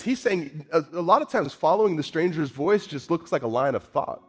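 A man preaching a sermon, moving from low, quiet musing to raised, emphatic points, slowing down and repeating words for emphasis. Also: lively intonation, breathy edge. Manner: repeats himself, speaks slowly for emphasis. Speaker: pastor.

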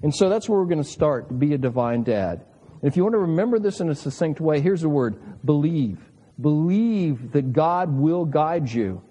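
An older man in his sixties delivering a sermon, earnest and emphatic, fond of rhetorical questions. His voice sits a touch high for a man yet sounds mellow and warm. It rings out with a long reverb, as in a big church hall. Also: expressive, normal speed, breathy edge. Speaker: preacher.

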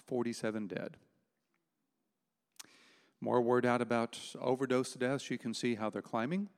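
A man's voice: medium pitch, a little mellow. Emphatic male preacher in a reverberant hall. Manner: emphatic, dramatic pauses on key words. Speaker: pastor. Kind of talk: sermon.

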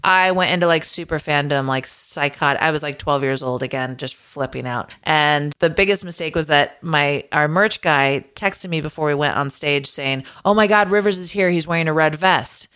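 A woman musician as a podcast guest, telling excitable stories about being a fan, often laughing. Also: low voice, moderate pace, hardly any pauses, clean tone. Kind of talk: casual podcast chat.

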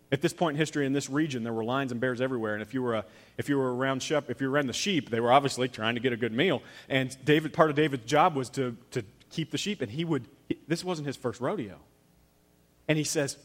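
A man preaching a sermon, telling a story with dramatic swings from loud to hushed and acting out the characters' lines. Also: mid-range voice, animated, fairly quick. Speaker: pastor.

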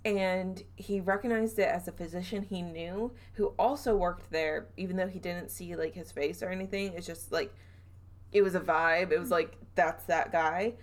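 Chatty woman podcast host, lowish voice. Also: normal speed. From Southern US. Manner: chatty, laughs often, trails off with fillers. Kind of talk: casual storytelling chat.

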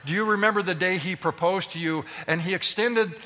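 A man preaching a sermon to a congregation, lively and full of questions to the room. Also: high-pitched, a little fast. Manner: animated, addresses the congregation with questions. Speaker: pastor. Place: church hall. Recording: hall reverb.

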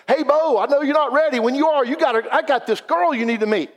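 A man's voice: very high voice, quick pace, voice pushed up. A man voicing his pushy, cheerful older male friend who keeps insisting on setting him up. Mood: eager. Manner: insistent, upbeat, teasing. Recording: long hall reverb.

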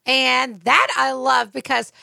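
High, gravelly, emphatic woman. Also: flat delivery, slow pace, sharp tone, no echo, clean studio sound. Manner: storytelling, emphatic, laughing often. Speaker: podcast co-host. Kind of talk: faith podcast chat.

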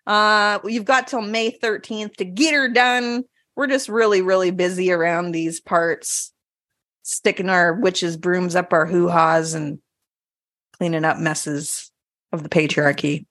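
A woman's voice: on the low side, steady tone, unhurried, a bit bright, no room sound, studio quality. A woman co-hosting a podcast in casual chat, playful and giggly with bawdy jokes. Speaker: podcast co-host.

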